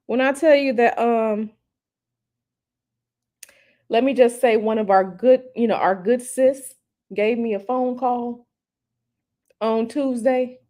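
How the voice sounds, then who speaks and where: A woman's voice: a little high, darkish tone. Chatty teasing woman livestream host. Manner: chatty and teasing, hints at gossip, repeats herself. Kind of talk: casual live chat reading viewer comments. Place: at home.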